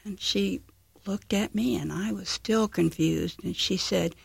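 An older woman, the guest author, telling a childhood story in an interview, slow and vivid, acting out the voices she quotes. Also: medium pitch, gravelly, husky, dry recording.

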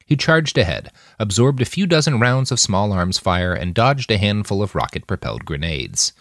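Low voiced guy reading a novel aloud, swings all over, dry booth sound. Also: normal speed, no echo. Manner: expressive storytelling. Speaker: narrator. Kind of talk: audiobook narration.

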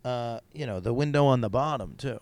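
A man's voice: mid-range voice, brisk, a little mellow, no echo. A man hosting a podcast, chatting casually and jokily, rambling with lots of restarts. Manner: rambling, jokey, many restarts, puts on voices in quoted bits. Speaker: podcast host. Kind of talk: casual chat. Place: quiet basement room of a convention center.

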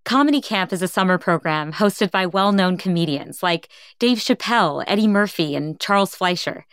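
A woman host narrates in a calm, measured way, with a somewhat low voice. The sound is dry and close, with no room echo. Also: clear, resonant tone. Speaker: podcast host. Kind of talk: scripted narration.

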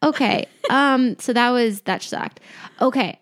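A woman's voice: fairly high pitch, a little slow. A young woman co-hosting a podcast in casual chat, rambling and laughing often. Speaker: podcast co-host.

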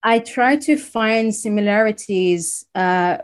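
A woman's voice: mid-range voice, normal speed, a little mellow. A woman from Congo telling a personal story in casual conversation, acting out the voices of people she quotes.

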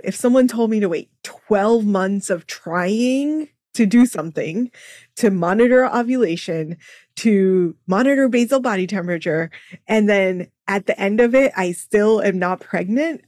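A chatty woman doctor joins a podcast as a guest. She talks in a lively way and laughs often. Her voice sits at an ordinary middle pitch, and the sound is close and dry. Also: measured pace, no room sound. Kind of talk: casual interview chat.

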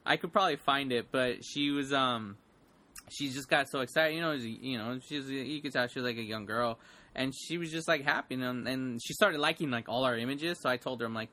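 A man co-hosting a casual podcast, excitedly retelling stories and giving shout-outs. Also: mid-range voice, brisk. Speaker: podcast co-host. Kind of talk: casual chat.

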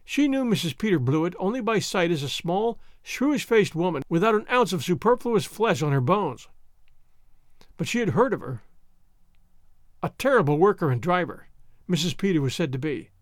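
A man narrating a classic novel with expressive storytelling. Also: sits high, normal speed, dry recording, studio quality. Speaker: audiobook narrator. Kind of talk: scripted narration.

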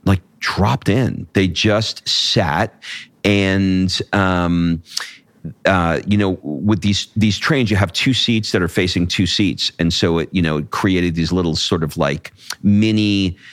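A man's voice: deep voice, fairly bright tone, no room sound. A man co-hosting a casual podcast, chatty and teasing, recorded on a close mic. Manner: teasing, chatty, lists steps in quick bursts. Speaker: podcast co-host, event organizer. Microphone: wired up, close mic.

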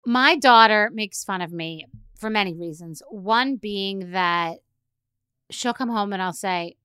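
A middle-aged woman hosts her own podcast in a loose, rambling monologue. Her voice is bright and smooth, recorded close and dry. She keeps piling on asides and fillers with lively energy. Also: mid-range voice, a little slow, dry recording. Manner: animated, chatty, full of asides and fillers. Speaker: podcast host.

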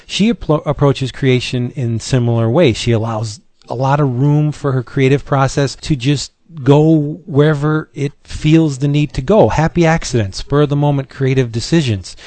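A man with a middle-pitched voice chats enthusiastically about comics as a podcast host. His voice is dry and close, with no room sound. He rambles in a friendly, easygoing way. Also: a little mellow, dry recording. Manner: enthusiastic, chatty. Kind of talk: casual chat.

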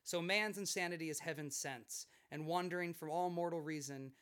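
A man hosting a casual podcast, reading literary passages slowly and solemnly. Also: a little high, a bit bright, clear, resonant tone.

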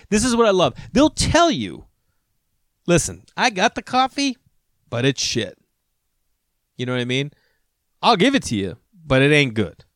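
A man's voice: mid-range voice, no room sound. Man, casual storytelling, rambling, profane, mimics people, dry close sound.

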